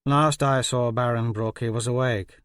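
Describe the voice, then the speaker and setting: A man's voice: medium pitch, fairly even intonation, normal speed, a bit bright, smooth, dry recording, natural voice. A man voicing a cold, sneering male assassin with a dry, assured delivery.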